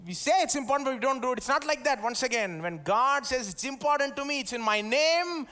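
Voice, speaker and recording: A man with an Indian English accent and a notably high voice delivers a live sermon in a church service. He talks in a loose, conversational way, full of tag questions. He calls on the congregation to repeat his words back to him. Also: expressive, a little fast, few pauses, bright, forceful tone. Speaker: pastor.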